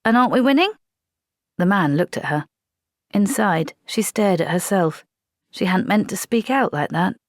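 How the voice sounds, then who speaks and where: Low, gravelly woman narrating. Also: a little slow, no echo, clean studio sound. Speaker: audiobook narrator. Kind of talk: scripted narration.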